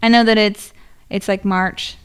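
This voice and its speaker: A woman's voice: mid-range voice, fairly even intonation, a little slow, clear, resonant tone. A woman co-hosting a podcast, chatting casually, swearing now and then and reading credits from her notes. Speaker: podcast co-host. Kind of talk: casual chat.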